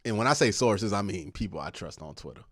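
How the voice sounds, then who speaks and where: Animated man ranting on a live stream. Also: lowish voice, quick pace, no echo, clean studio sound. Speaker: streamer reacting to news and chat. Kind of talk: casual live-stream commentary.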